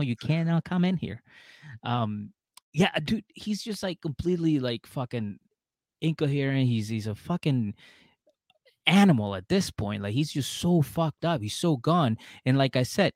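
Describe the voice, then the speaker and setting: A man co-hosting a comedy podcast, telling a story in casual chat. He acts out the people in it with loud, high outbursts and swears a lot. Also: dry recording, clean studio sound. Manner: animated, acts out drunk characters in loud outbursts, heavy swearing. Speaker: podcast co-host.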